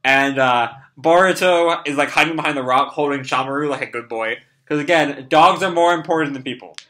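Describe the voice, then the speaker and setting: A young man with a hoarse, worn voice talks through a comic chapter live, rambling along with constant "like" and "uh". His tone is bright despite the strain. It sounds like a relaxed, unscripted fan reaction. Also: on the high side, brisk. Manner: rambling, full of "like" and "uh".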